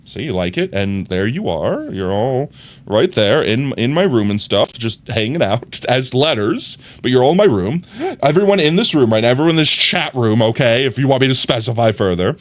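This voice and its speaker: A man streaming from his room, his voice rising and falling a lot as he rambles to chat. He talks casually and directly to his viewers at a middling pitch, picked up on a desk mic. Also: expressive, moderate pace. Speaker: live streamer.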